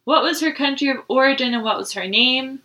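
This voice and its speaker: A woman's voice: high-pitched, brisk, bright, forceful tone, low-quality recording. A woman co-hosting a casual podcast, laughing often as she reads out trivia questions. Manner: giggly, reads trivia notes aloud. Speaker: podcast co-host. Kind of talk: casual chat.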